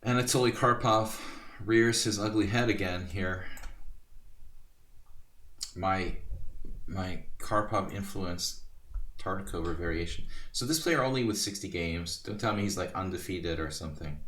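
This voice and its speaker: A man's voice: low-pitched, measured pace, a bit bright, far from the mic. A man from Hungary streaming blitz chess, chatting casually and poking fun at himself between moves. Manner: chatty, self-deprecating, rambling asides to chat. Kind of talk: casual live-stream chat while playing blitz. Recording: roomy echo, mic set back.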